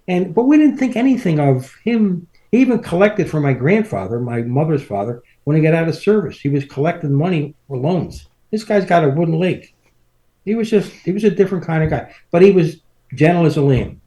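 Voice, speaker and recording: A man's voice: a little high, mellow. A man in his seventies, a podcast guest, telling rambling family stories in casual chat and chuckling through them. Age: 70s.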